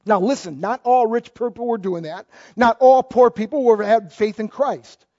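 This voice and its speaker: A middle-aged man preaching a sermon as pastor, emphatic, jumping between loud exclamations and quiet asides. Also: high voice, normal speed. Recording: dull lo-fi church recording.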